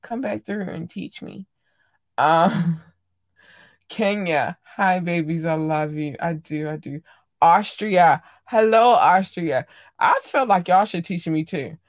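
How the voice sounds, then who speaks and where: A woman's voice: on the low side, slow, no echo, studio quality. A woman hosting a casual solo podcast, chatty and gushing. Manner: animated, gushing, playful shout-outs. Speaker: podcast host.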